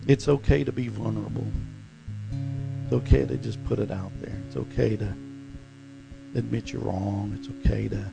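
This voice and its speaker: A man's voice: on the low side, steady tone, normal speed, vocal fry, music in the background, poor audio. A man preaching a sermon, telling a story in a rambling way with repeated words and bursts of fervent emphasis.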